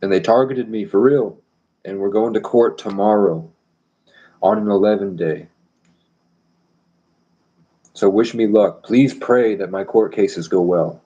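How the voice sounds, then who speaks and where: A man's voice: fairly low pitch, measured pace, pauses often, dark tone, muffled recording. A man rambling boastfully and provocatively on a live stream.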